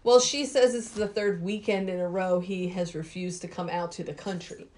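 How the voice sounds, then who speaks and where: A woman's voice: on the low side, steady tone, normal speed, a little mellow. Matter-of-fact woman, faint background hiss. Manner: matter-of-fact, adds looked-up details. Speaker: podcast co-host. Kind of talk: casual movie chat.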